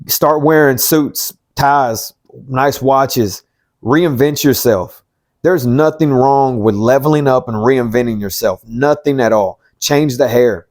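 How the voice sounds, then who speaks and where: A man with a drawl speaks off the cuff to his viewers, like a life coach. He is blunt, swears freely and hammers points home by repeating them. His voice sits at an ordinary middle pitch. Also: slow, darkish tone. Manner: blunt and profane, preachy, repeats himself for emphasis. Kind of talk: unscripted motivational monologue.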